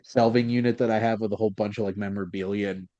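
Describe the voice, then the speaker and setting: A man co-hosting a casual podcast, excitable and jumping up in pitch when he quotes lines. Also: very fast, no room sound, dull audio. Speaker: podcast co-host. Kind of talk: casual chat.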